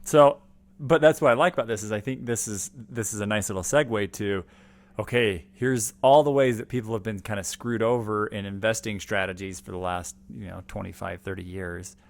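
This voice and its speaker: A man's voice: fairly low pitch, normal speed, gravelly. Candid, wry male finance co-host. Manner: candid, wry, with frequent restarts. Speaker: podcast co-host, financial advisor. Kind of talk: casual finance chat. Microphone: new podcast microphone.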